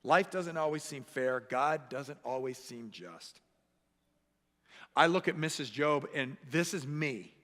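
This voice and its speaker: A man preaching a sermon as pastor, animated and acting out the voices he quotes. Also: medium pitch, takes it slowly. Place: church sanctuary. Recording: echoey church hall.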